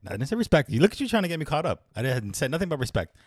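A man's voice: fairly high pitch, very animated, rapid-fire. An American man in casual podcast chat, swearing freely and laughing while he rants. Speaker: podcast co-host.

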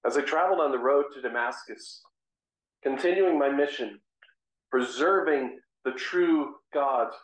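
A man playing the apostle Saul in a first-person dramatic monologue, telling the story earnestly with measured, dramatic pauses. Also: mid-range voice, close to an everyday voice. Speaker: guest speaker. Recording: roomy echo.

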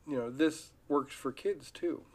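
A man's voice: a little high, a little slow. A man hosting his own podcast, talking casually in a loose, rambling way with frequent restarts. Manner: rambling, relaxed, with many restarts. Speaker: podcast host. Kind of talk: casual solo podcast talk.

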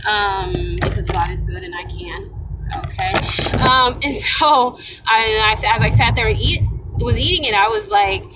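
A young woman from Ohio telling a chatty, excitable, slangy vlog story, recorded in a car. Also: medium pitch, a little slow, background noise.

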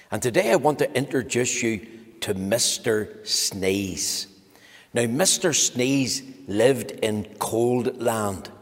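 A husky-voiced male storyteller reads a children's story aloud, his pitch swinging widely as he plays to the young listeners. His voice carries a long hall reverb. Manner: animated, playful, addresses children directly.

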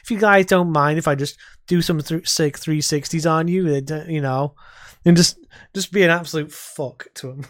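Man, slightly high voice, casual podcast co-host, rambling, lots of swearing, animated storytelling. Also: moderate pace. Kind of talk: casual gaming chat.

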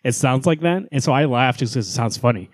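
A man's voice: medium pitch, lively intonation, quick pace, no echo. A man in his thirties co-hosting a podcast, rambling casually, laughing often and swearing now and then. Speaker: podcast co-host. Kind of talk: casual chat.

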